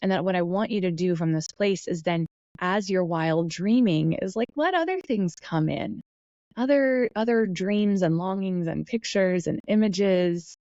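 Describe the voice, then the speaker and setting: A woman hosting a podcast, musing softly and meandering through a reflective guided talk, with fillers and self-corrections. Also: lowish voice, unhurried, no echo, highs cut off. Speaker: podcast host.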